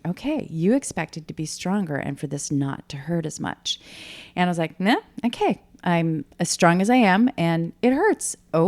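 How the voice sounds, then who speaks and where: A middle-aged woman telling teammates about her triathlon in casual chat, animated and laughing as she goes. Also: low voice. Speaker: triathlete guest. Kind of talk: casual race recap chat.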